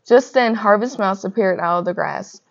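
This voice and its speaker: A young woman reading a children's picture book aloud, in a lively storybook manner with gentle voices for the characters. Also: mid-range voice, moderate pace, vocal fry. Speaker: reader. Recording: dull lo-fi recording.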